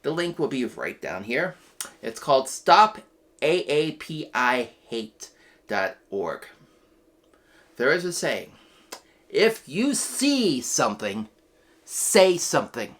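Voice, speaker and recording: An earnest man hosts a web show's news segment with impassioned commentary. He talks slowly and deliberately. His pitch rises and falls a lot, and he breaks into loud, emphatic outbursts. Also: very animated. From United States. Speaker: host of a weekly web show news segment.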